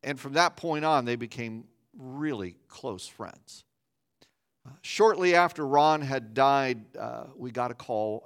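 A man preaching a sermon as a pastor, earnest, often repeating words as he builds his point. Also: medium pitch.

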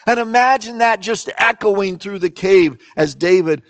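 A man with a fairly high voice preaches a sermon at an unhurried pace, earnest and emphatic. He lets key phrases hang in slow, dramatic pauses. The sound is close and dry, with no room echo. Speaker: pastor.

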